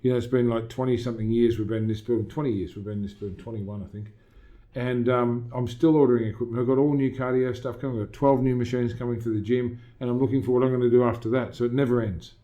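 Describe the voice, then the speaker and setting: In a casual interview, a middle-aged Australian gym owner delivers fast, motivational talk with real emphasis, often citing his own past lines. His mid-range voice is mellow with fairly even intonation, and the audio is dull.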